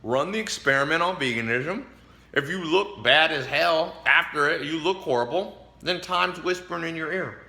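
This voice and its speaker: A man's voice: on the high side, animated, moderate pace, pushed and bright. A man giving casual motivational advice straight to the camera, emphatic and preachy, chuckling between points and eating as he talks. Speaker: vlogger giving life advice.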